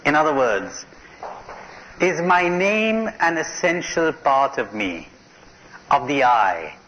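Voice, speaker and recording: Unhurried man lecturing on old cassette. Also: fairly high pitch, big pitch swings, fairly bright tone, a little hiss or hum. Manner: questioning, tells jokes to an audience. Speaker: speaker at a spiritual conference. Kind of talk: live lecture with jokes. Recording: dull lo-fi cassette tape recording.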